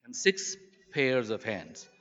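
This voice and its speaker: A man's voice: medium pitch, very animated, slow pace, fairly bright tone, voice pushed down. A man voicing God as an eager, proud male Creator, read in a dull recording with a long hall echo. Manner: earnest, eager.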